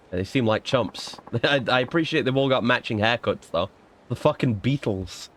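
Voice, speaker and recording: A man's voice: mid-range voice, moderate pace, fairly bright tone. A young man streaming a game, rambling and swearing in a self-mocking, casual commentary.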